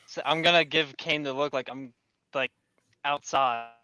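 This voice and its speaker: A man's voice: a little high, steady tone, measured pace, pushed and bright, clear, resonant tone, no echo. A man playing a tabletop role-play, talking casually and stumbling over his words. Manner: stammering, casual. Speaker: player.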